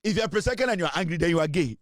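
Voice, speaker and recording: A man's voice: on the high side, racing, dry recording, clean studio sound. A man with a Ghanaian accent hosting an online talk show, teasing his audience with repeated rhetorical questions and mixing English with Twi. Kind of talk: casual commentary monologue.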